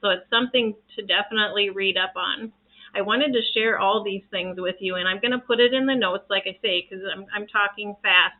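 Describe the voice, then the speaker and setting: Earnest rambling woman, tinny phone-like audio. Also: mid-range voice. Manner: earnest, rambling, with many restarts. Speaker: reiki practitioner sharing home remedies. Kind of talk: casual talk to camera.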